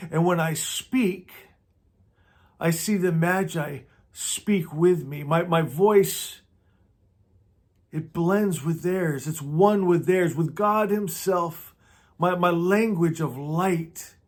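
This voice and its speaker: A man leading a guided prayer and spiritual teaching, meditative and slow, often repeating words and trailing off softly. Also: a little high.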